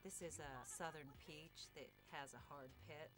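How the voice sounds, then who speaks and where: Female voice actor, very low voice, music under interview. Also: steady tone, measured pace, a bit bright. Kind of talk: interview about a role.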